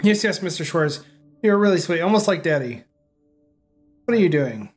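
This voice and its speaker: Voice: mid-range voice, lively intonation, normal speed, faint music behind. A gaming YouTuber reading every character's lines aloud in a nearly plain voice. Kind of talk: reading game dialogue aloud.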